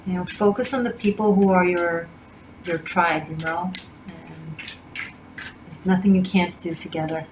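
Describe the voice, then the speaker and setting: A woman's voice: on the low side, fairly even intonation, a little slow, a little hiss or hum, poor audio. A woman doing a tarot reading to camera, talking in a gushing, rambling way with many restarts. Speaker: tarot reader. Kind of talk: casual spiritual reading to camera.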